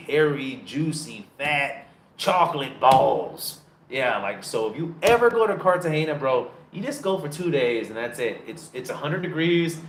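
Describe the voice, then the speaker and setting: An American travel vlogger, recorded on a phone in a dim, echoey room, tells a story to camera. He's loud, profane, and animated, with big pitch jumps, and there's slight background noise.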